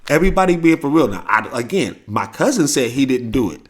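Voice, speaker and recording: A man's voice: medium pitch, big pitch swings, fast talker, husky. A man with a St. hosting a podcast, telling a family story in a loose, profane, casual way and acting out the quoted voices. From St. Louis, USA. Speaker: podcast host.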